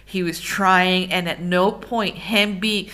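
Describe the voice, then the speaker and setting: A woman's voice: lowish voice, fairly even intonation, takes it slowly, bright, forceful tone. A woman co-hosting a film podcast, talking frankly and casually, with the occasional swear word. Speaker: podcast co-host.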